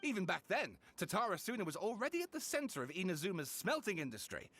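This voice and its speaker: Showy, excitable writer, high voice swooping all over for game dialogue. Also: male voice, fast, heavily acted. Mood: explaining. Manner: theatrical, excitable, dramatic build-ups. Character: eager male scholar-writer, theatrical and chatty.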